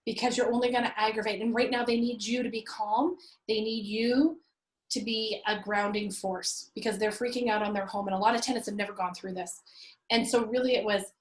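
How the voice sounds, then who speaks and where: A woman, a real estate investor and landlord, telling an animated story about her rental properties, acting out what people said. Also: medium pitch, a little fast, roomy sound, rough recording. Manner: animated, acts out her own past quotes. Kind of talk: conversational storytelling.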